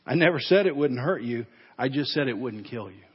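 A man voicing a calm, steady angel who asks patient, plain questions. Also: medium pitch, brisk, breathy edge. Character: calm, steady angel offering to kill a sin. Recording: dull, echoey church sermon recording.

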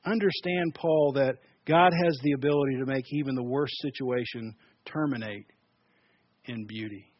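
A man preaching a sermon as pastor, emphatic, dropping loud and soft and repeating words as he builds points. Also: mid-range voice, moderate pace, no echo, lo-fi sound.

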